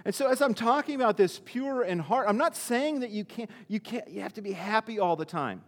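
A man's voice: high-pitched, animated, a little fast, long reverb tail. A male pastor preaching a sermon in a conversational way, often restarting his sentences and using fillers.

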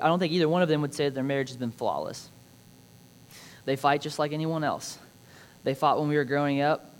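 A man's voice: a little high, clear, resonant tone. A young man gives a prepared personal speech about his father, reading scripture in an earnest, reflective way with touches of light humor. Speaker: speaker honoring his father.

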